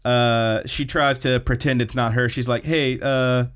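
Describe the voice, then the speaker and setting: Young guy on an anime podcast, clear smooth voice, animated retelling, medium pitch. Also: moderate pace. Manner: animated storytelling, acts out scenes. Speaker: podcast host. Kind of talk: casual anime podcast recap.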